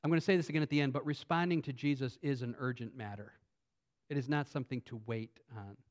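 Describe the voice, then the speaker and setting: A pastor preaching an earnest sermon that builds to emphatic points. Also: male voice, mid-range voice, quick pace. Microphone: phone on pulpit.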